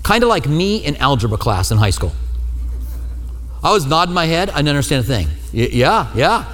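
A male pastor preaching a sermon, telling the story lively and acting out the quoted lines with humor. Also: on the high side, a little fast, in a large hall.

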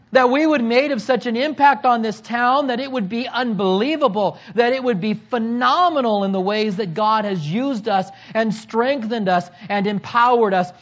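A man in his forties preaching a sermon as pastor, earnest, rising to loud emphasis and dropping to quiet, emotional lows. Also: muffled recording. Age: 40s.

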